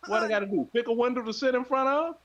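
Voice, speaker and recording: A man's voice: extremely high pitch, very fast, highs cut off, a crowd in the background. A man goading someone with sing-song taunts on a live stream. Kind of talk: trash talk on a live stream.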